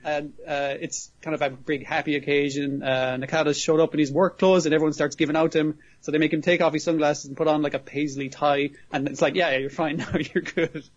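A man's voice: a little high, little pitch movement, fast, hardly any pauses. Rambling man recapping an episode. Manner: rambling, laughs often, swears casually. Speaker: podcast host. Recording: muffled lo-fi audio.

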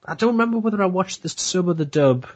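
A man co-hosting a casual anime review chat, animated and rambling, laughing often, on a dull lo-fi recording. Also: high-pitched, fast. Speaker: podcast co-host. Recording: dull lo-fi sound.

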